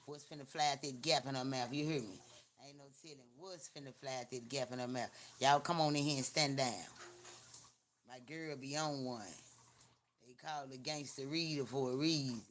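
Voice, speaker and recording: A woman's voice: extremely low pitch, steady tone, moderate pace. A woman with a Memphis Southern accent hosting a live stream, talking in blunt, slangy, repetitive and teasing casual chat. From Memphis, Tennessee. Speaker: livestream host.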